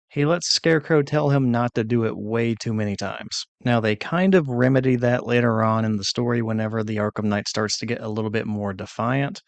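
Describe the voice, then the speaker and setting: A man talking through a video game's story as a commentator. His voice has a gravelly edge yet stays smooth and resonant. It is recorded dry and close. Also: fairly low pitch, dry recording. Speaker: gaming video creator. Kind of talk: high-energy announcer-style recap; relaxed commentary.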